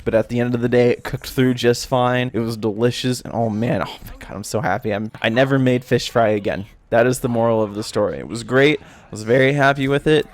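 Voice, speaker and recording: A young man tells a funny story from his own life in a loose, rambling vlog style. His voice sits in the middle of the range, and he swears freely. He also jumps up into panicked shouts when he acts out the scary parts. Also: medium pitch. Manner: swearing, screams in acted-out panic. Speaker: storytelling vlogger. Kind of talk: casual animated storytelling.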